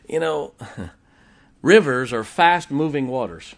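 A man's voice: mid-range voice, lively intonation, extremely slow, gravelly. A man preaching a sermon to a congregation, folksy and emphatic, repeating his key lines and chuckling between points. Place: church before a congregation.

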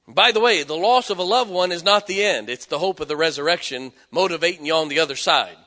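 A man preaching a sermon, telling stories and swelling from hushed tones to loud exhortation. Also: a little high, fast talker, few pauses. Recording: echoey hall with long reverb.

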